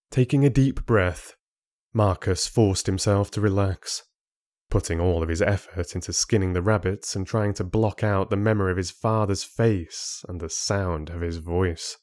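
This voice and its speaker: A man narrating a fantasy audiobook in a measured, deliberate way. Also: deep voice, a little mellow, no room sound, clean studio sound.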